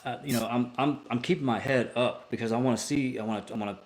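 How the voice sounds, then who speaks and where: A man's voice: medium pitch, fast talker, slight background noise. A man, a military veteran and podcast guest, telling a story casually with plenty of swearing, restarts and filler words. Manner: profane, rambling with many restarts.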